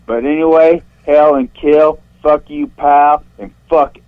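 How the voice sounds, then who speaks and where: St louis guy calling in, cussing up a storm, pitched kinda high, voice goes shrill when he's mad, muffled phone line. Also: flat delivery, slow pace. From St. Louis, USA. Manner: profane, voice jumps shrill when worked up. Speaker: caller. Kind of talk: angry call-in rant. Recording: dull phone-line call audio.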